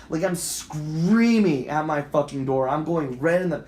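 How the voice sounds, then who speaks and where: Animated profane man in echoey room. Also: a little high, a little slow, hardly any pauses. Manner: animated, profane, acts out voices and shouts in quotes. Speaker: podcast co-host. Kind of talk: casual storytelling chat.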